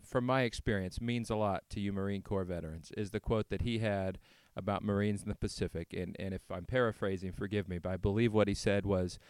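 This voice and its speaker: A man interviewing a veteran, asking measured, prepared questions. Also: lowish voice, fairly even intonation, darkish tone, clean tone, no room sound. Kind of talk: oral history interview.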